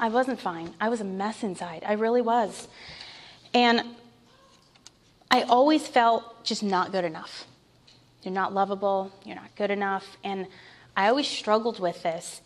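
A woman in her thirties giving a heartfelt Christian testimony, telling her story with candid asides and light laughs. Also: mid-range voice. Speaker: Christian speaker sharing testimony. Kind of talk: personal testimony talk.

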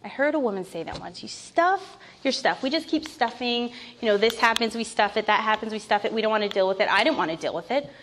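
Here a thirtysomething Christian speaker recounts her personal testimony from the heart, slipping in candid remarks and soft laughter. The voice runs a little high, and the audio carries slight hiss or hum.

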